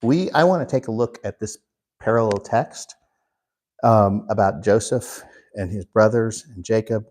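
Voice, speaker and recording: A man teaching a Bible class in an unhurried way, putting questions to the class. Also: fairly low pitch, a little mellow. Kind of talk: interactive Bible class lesson.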